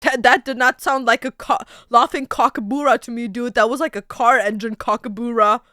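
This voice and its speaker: A woman's voice: fairly high pitch, fairly even intonation, brisk, sharp tone, no echo, studio quality. A young woman streamer in casual chat, goofy and swearing freely as she tries out silly voices and animal sounds. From Canada.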